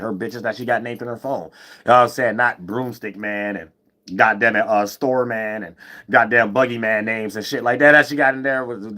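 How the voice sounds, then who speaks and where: A man of middling pitch rants at a rapid clip in an off-the-cuff monologue. His talk is rambling and profane, full of restarts and the habit of asking "you know what I'm saying". Every so often his voice leaps up, higher and louder. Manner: sudden jumps up in pitch and loudness. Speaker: vlogger. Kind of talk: unscripted ranting monologue.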